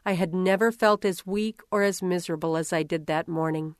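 A woman's voice: on the low side, fairly even intonation, a little fast, no room sound. Woman with a dry, close storytelling voice. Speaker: reader. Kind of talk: first-person story narration.

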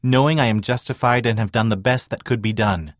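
A man's voice: mid-range voice, fairly quick, dry recording, clean studio sound, lightly acted. A man voicing a resolute imprisoned prophet who speaks in an earnest, firm way. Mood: earnest resolve.

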